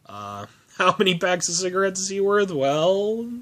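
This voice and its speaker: A man's voice: high-pitched, sing-song, normal speed, a bit bright. A man reviewing a film in a casual vlog, rambling, laughing often and swearing.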